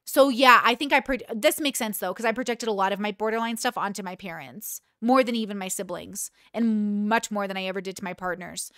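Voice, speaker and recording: A woman's voice: medium pitch, a little fast, hardly any pauses, bright, forceful tone, dry recording, clean studio sound. A woman in her thirties hosting a reaction commentary, talking candidly and emotionally with many restarts. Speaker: commentary host.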